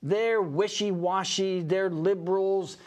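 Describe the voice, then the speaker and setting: Older man, high voice, radio co-host, emphatic, mocking, interrupts. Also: steady tone, takes it slowly, darkish tone. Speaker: radio talk show co-host. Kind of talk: opinionated political banter.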